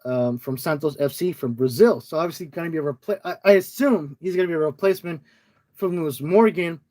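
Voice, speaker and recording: High-voiced man chatting on a soccer podcast. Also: fairly quick, darkish tone. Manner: hesitant, repeats and restarts phrases. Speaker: podcast co-host. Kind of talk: casual soccer podcast chat.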